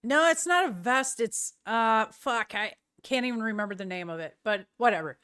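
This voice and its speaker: A woman's voice: on the high side, lively intonation, normal speed, fairly bright tone, clear, resonant tone, dry recording, studio quality. A middle-aged woman streaming live, chatting casually with viewers in a rambling way and often searching for words.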